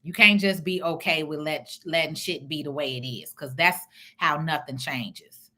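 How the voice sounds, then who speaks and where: A woman's voice: low-pitched, moderate pace. A middle-aged woman from Chicago hosting a casual livestream, talking bluntly and profanely as she answers viewer comments. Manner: blunt, profane, animated talk. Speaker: real estate investor hosting a livestream.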